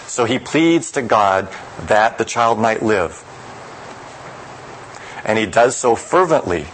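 A man preaching a sermon who reads scripture aloud and then explains it in a measured, reflective way. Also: medium pitch, fairly bright tone, slight background noise, rough recording.

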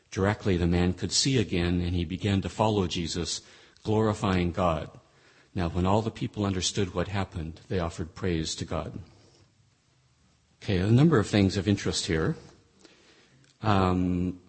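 A man's voice: deep voice, breathy edge. A man teaching through Bible passages, reading scripture aloud and then explaining it, with frequent restarts.

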